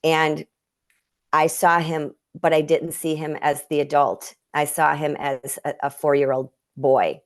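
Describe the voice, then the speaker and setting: A woman's voice: low voice, steady tone, a little slow. A woman guest healer earnestly telling a personal spiritual story, with frequent restarts, in a conversation over a video call.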